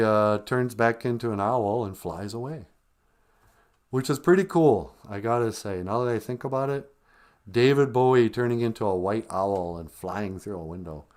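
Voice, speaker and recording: A man's voice: fairly low pitch, a little mellow. A man hosting a podcast, rambling through a casual comic movie recap with digressions and self-corrections. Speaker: podcast host.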